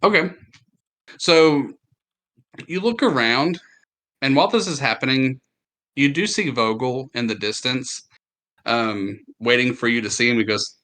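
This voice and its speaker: Bright-voiced halting game master, a man. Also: medium pitch. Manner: halting, many fillers, laughs often. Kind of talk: narrating a tabletop game.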